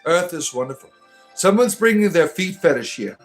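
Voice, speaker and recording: A man's voice: high voice, expressive, moderate pace, soft background music. A man hosting a livestream, reading chat aloud and answering with crude, sarcastic humor and preachy rants.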